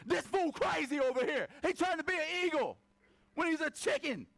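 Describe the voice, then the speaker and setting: A man voicing a flock of fearful, bossy chickens that shout down the eagle. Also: very high voice, expressive, normal speed, creaky, pitched above the performer's own voice, heavily acted. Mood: scolding. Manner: shouting, mocking. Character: scolding fearful farmyard chickens, loud and bossy.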